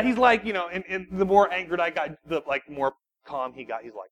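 Man, high-pitched voice, youth pastor, sermon, animated storytelling, frequent restarts. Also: fairly quick.

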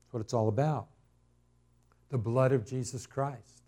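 A male pastor delivering a sermon, slow and emphatic, repeating key words for dramatic effect. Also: medium pitch, steady tone, dark tone.

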